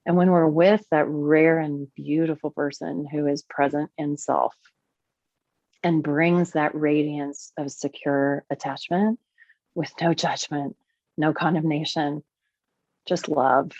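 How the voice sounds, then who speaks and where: A woman speaking as a podcast guest and teacher, animated and expressive, her voice swinging widely in pitch as she explains her ideas. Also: slow, dry recording, dull audio. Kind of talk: conversational podcast interview.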